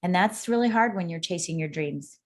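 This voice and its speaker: A middle-aged woman, a guest on an interview podcast, telling her story in an emphatic, animated way. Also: fairly low pitch, brisk. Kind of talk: casual interview conversation.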